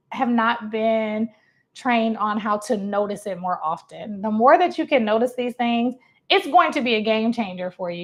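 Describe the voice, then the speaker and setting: Woman life coach in an easy, talky voice. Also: fairly high pitch. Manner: conversational, acts out clients' quotes, laughs often. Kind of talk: casual motivational talk to camera.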